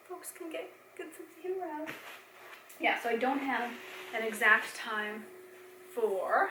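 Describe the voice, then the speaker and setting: Young woman, bright higher voice, chatty rambling home vlogger, echoey room. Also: slight background noise. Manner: chatty, rambling, with fillers and soft laughs. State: pregnant, a bit tired. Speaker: vlogger and mom. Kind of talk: casual chatty vlog. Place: home, indoors.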